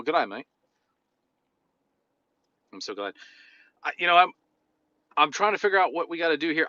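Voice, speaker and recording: A man's voice: a little high, pushed and bright, dry recording, dull audio. A man live-streaming from inside a car, chatting loosely and jokingly while reading out viewer comments. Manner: loose and joking, drifts between topics.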